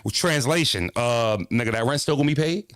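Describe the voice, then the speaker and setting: Joking vlogger guy, curses a lot, rambles, mid pitch, dry sound. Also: fairly quick, fairly bright tone, dry recording. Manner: profane, joking, rambling, laughs often. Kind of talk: casual comedic monologue.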